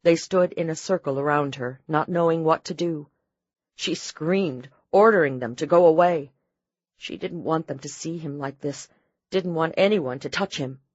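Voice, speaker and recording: A woman reads an audiobook in a low, steady, measured voice. The recording is dry and close, with a slightly dull, muffled tone. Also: no room sound. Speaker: audiobook narrator. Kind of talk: scripted narration.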